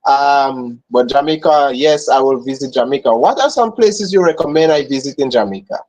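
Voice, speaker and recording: A man's voice: medium pitch, expressive, moderate pace, rough recording. A Grenadian man hosting a casual live interview, affirming his guest often, with many fillers and repeated words. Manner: friendly, warmly affirming, frequent fillers and repeats. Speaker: host.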